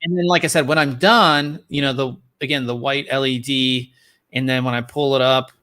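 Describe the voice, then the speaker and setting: A man's voice: mid-range voice, moderate pace. A man hosting a laid-back tech podcast, chatting loosely with lots of ums and false starts. He is recorded close on a good studio microphone. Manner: relaxed and rambling, many ums and restarts. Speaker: podcast host. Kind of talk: casual tech podcast chat.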